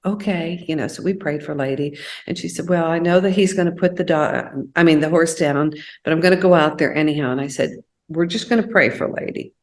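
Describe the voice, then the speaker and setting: A woman's voice: sits low, a little fast, few pauses. A woman telling personal stories in a casual chat, acting out the voices of the people she quotes. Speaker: co-host.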